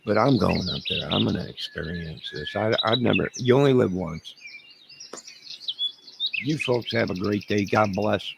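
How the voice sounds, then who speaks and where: A man's voice: on the low side, normal speed, creaky, pauses often. A man hosting a livestream, telling a rambling, jokey, folksy comedic rant outdoors. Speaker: livestream host. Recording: noisy outdoor audio with birdsong.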